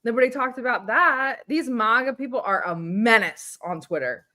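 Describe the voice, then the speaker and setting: A woman's voice: a little high, expressive, normal speed, sharp tone. A woman co-hosting a political livestream, talking in an exasperated, sarcastic way and laughing often. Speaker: co-host.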